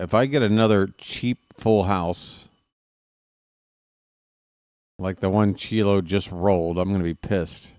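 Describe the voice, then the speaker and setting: A man hosting a live stream, trash-talking his opponents in a dice game, swinging from muttering to excited yelling. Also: low-pitched, moderate pace, clear, resonant tone, no room sound, clean studio sound. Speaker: streamer and play-by-play host. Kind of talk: casual live-stream commentary while playing a dice game.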